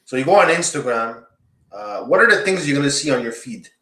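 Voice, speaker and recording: A man's voice: medium pitch, lively intonation, a little fast, pushed and bright, roomy sound. A man co-hosting a casual podcast, laying out his opinion point by point. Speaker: podcast co-host.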